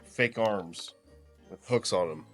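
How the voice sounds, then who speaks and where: A man's voice: on the low side, takes it slowly, a bit bright, faint music behind. A man co-hosting a casual movie podcast, swearing often and retelling scenes with filler words. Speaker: podcast co-host.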